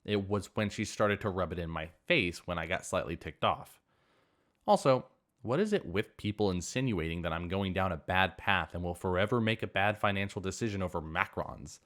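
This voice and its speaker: A man reading online revenge stories aloud as a narrator, with an animated, expressive delivery. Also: low-pitched, normal speed. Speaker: story narrator.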